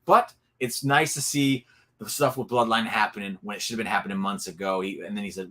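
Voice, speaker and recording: Excitable man recapping wrestling. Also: medium pitch, a little fast. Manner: excited, animated storytelling with laughs and asides. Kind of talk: casual solo recap talk.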